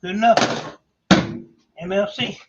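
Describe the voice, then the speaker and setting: A man streaming himself taking apart e-waste, chatting in a rambling, offhand, self-mocking way, hoarse from talking for hours. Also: high voice, steady tone, slow, muffled recording, very noisy. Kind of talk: casual livestream chat.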